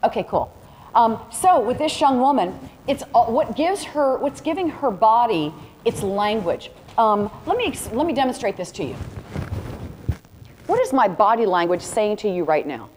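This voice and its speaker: Woman, higher voice, chatty workshop teacher, echoey hall, faint background noise. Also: big pitch swings, normal speed, a little mellow. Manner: chatty, direct, demonstrative, uses "y'all". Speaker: photography instructor. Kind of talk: live workshop lesson. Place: large room with a live audience.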